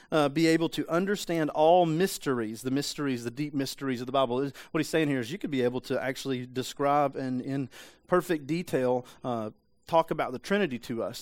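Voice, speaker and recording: A man's voice: medium pitch, fairly quick, a little mellow, dry recording. A man preaching a sermon in a church, talking in a loose conversational way with frequent restarts and rhetorical questions. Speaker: pastor. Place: church sanctuary.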